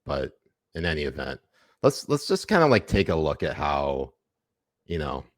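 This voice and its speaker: A man hosts a casual comedy podcast, speaking in a deep, low register. His delivery is loose and jokey, and his sentences trail off into fillers. The sound is dry and close. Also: very animated, normal speed, dry recording. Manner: joking, loose, many fillers. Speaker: podcast co-host.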